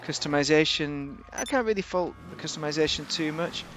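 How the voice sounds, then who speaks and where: A man's voice: fairly high pitch, fairly quick, fairly bright tone, slight background noise. A man giving a casual, rambling, jokey commentary while reviewing a car in a video game.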